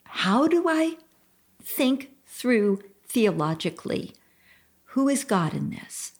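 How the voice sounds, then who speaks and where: Slow, earnest older woman host. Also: a little high, sing-song, slightly rough. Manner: earnest and heartfelt, slow and deliberate; slow-paced. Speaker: radio show host. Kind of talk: Christian advice talk.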